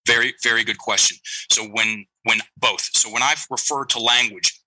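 A man's voice: medium pitch, steady tone, moderate pace, bright, forceful tone, no room sound, poor audio. A middle-aged man telling a story as a coaching guest, animatedly acting out the lines of the people in it. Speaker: guest, breathing and language coach. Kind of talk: storytelling interview talk.

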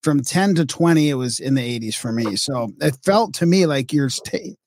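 A man's voice: medium pitch, expressive, normal speed, a little mellow, dry recording. A man in his fifties hosting an interview, asking easygoing, reflective questions. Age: 50s. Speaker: host. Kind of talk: casual interview.

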